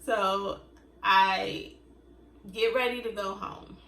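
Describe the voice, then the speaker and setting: A woman's voice: mid-range voice, fairly even intonation, takes it slowly, gravelly, pushed and bright, distant mic. A young woman vlogger in casual storytime chat, chatty and acting out quotes in other voices. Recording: echoey room, faint noise.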